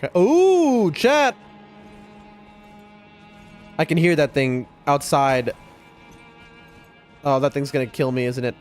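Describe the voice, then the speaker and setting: A young man streaming a game, chatting excitably to his viewers as he plays. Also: mid-range voice, moderate pace, long pauses. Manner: chatty, excitable, often addresses chat. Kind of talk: live gameplay commentary to chat. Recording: faint music behind voice.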